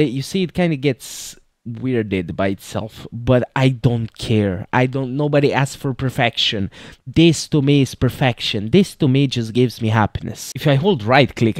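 A gaming YouTuber narrates a game he adores in an excited let's-play, gasping, laughing and gushing as he plays. His medium-pitched voice swings from loud bursts to near-whispers. The sound is dry and close, with no room around it and no echo.

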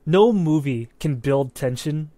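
A man's voice: a little high, a little slow, no echo. A man co-hosting a movie podcast, talking casually and with plenty of swearing, often checking in with "right?". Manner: animated, profane, keeps checking in with "right?". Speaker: podcast co-host. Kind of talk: casual movie review chat.

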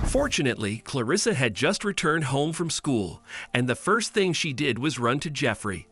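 A man reading a scripted story in a steady storytelling way. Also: mid-range voice, normal speed. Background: faint music.

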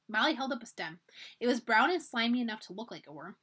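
A woman's voice: a little high, very animated, fast talker, bright, forceful tone, slightly rough. A woman reading a children's storybook aloud for a library, narrating expressively.

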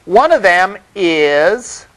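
Chatty college lecturer, fairly high voice. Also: male voice, sing-song, drawn-out words, a bit bright, poor audio. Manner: loose and conversational, many fillers and "all right?" check-ins. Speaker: college web development instructor. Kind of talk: classroom lecture. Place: classroom.

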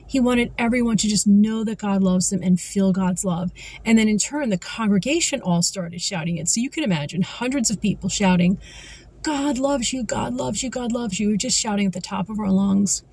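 Earnest woman, husky mellow voice. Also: medium pitch, poor audio. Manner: earnest, slows down for scripture. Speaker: Christian vlogger. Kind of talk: devotional talk with scripture reading.

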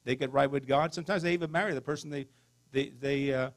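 A man's voice: medium pitch, steady tone, fast talker. A middle-aged man preaching a folksy sermon as a pastor, throwing in call-and-response asides to the congregation.

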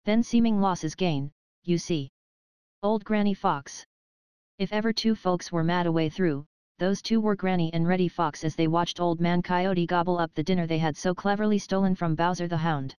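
A woman narrating a children's animal storybook audiobook in an even, measured reading. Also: on the low side, clean tone, no echo, dull audio.

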